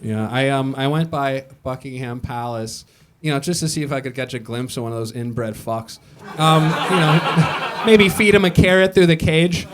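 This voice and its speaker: A young American man doing a stand-up set in a comedy club on a boat, wry and deadpan, laughing along with the crowd. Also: mid-range voice, moderate pace, noisy background. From United States.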